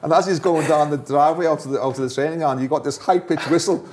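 A man's voice: a little high, quick pace, background noise. A man, a former footballer, telling stories in a casual interview, laughing often. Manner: chatty, laughs often, restarts phrases.

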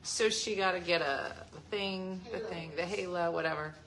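A woman's voice: on the low side, normal speed, crowd noise. A woman in her forties hosting a casual chat, telling family stories with lots of laughter. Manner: laughing, animated storyteller. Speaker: host.

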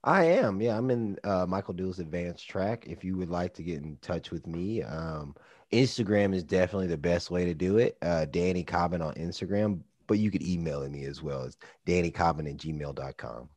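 A man's voice: low voice, normal speed, a little mellow, dry recording. A man with a Texas accent, a coach talking casually on a podcast, rambling with lots of "like" and restarts. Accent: Texan. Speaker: life coach guest.

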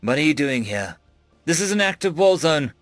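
A stern female general, as a male narrator puts her on, giving firm, clipped orders in a sci-fi audiobook. The voice is lively and close, with no room sound at all. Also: a little high, normal speed, no echo, soft background music.

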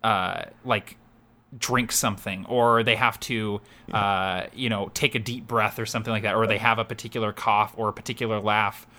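A man in a casual podcast chat, animated and rambling, full of fillers. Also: fairly low pitch, normal speed. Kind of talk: casual chat about voicing game characters.

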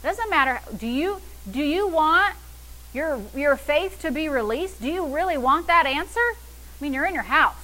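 High, bright-voiced exuberant woman pastor. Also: lively intonation, normal speed, rough recording. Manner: exuberant, bursts of laughter, call-and-response preaching. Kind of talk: sermon.

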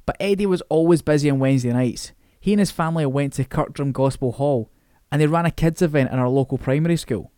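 A man narrating a novel in a steady, wry manner. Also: fairly high pitch, brisk, smooth, no room sound, studio quality. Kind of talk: reading a novel aloud.

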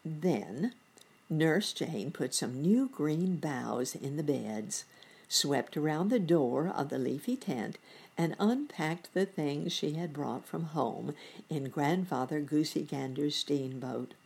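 A woman reading a children's storybook aloud with an animated, lilting delivery. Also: low-pitched, slow, creaky, breathy edge.

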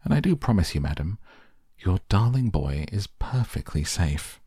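A man's voice: sits low, very animated, normal speed, dark tone, breathy edge, dry recording, studio quality, full character voice. A man voicing a giggling, eccentric chocolate maker with an airy, soothing manner. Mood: breezy.

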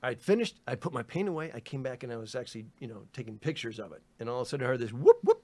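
A man's voice: medium pitch, rapid-fire. A man in a casual podcast chat, telling a story with laughs, swearing and lots of "you know" and "dude". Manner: animated, laughing, acts out others' lines in raised voices. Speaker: guest storyteller.

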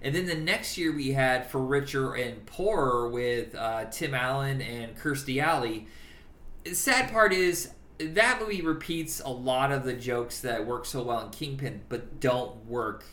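A man's voice: mid-range voice, a little slow, a bit bright, reverberant. A man from Indiana co-hosting a casual, profane movie chat, quoting film lines in put-on voices. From Indiana, USA. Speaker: podcast co-host.

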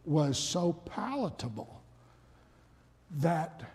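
A man preaching a dramatic storytelling sermon, swinging from loud to hushed. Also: fairly high pitch, very animated, extremely slow. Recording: long reverb of a large hall.

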